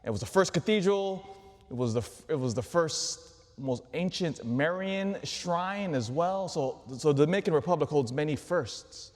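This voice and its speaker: A man, a Catholic priest, preaching a sermon in an animated way, full of rhetorical questions. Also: on the high side, normal speed. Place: large church. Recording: long church reverb.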